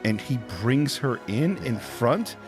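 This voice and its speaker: A man's voice: mid-range voice, takes it slowly, music in the background. A man co-hosting a podcast, retelling film scenes with acted-out lines and frequent laughs. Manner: animated retelling, acts out lines, laughs often. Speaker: podcast co-host. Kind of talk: casual film discussion.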